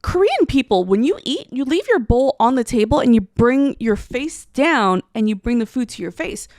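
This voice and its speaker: Animated high-voiced woman telling a story. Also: moderate pace, no echo, clean studio sound. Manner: animated, swearing, acts out quotes. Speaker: podcast co-host. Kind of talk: casual storytelling chat.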